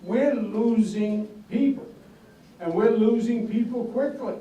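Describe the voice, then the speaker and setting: An older man with a Queens accent delivers a campaign speech in a folksy, emphatic way, repeating lines for effect. His voice sits high for a man. It rings with heavy echo from a distant indoor hall, over faint background noise. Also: slow, warm tone, muffled recording. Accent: Queens, New York. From Queens, New York. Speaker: political candidate. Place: echoey indoor office hall. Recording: echoey, distant room recording with faint noise.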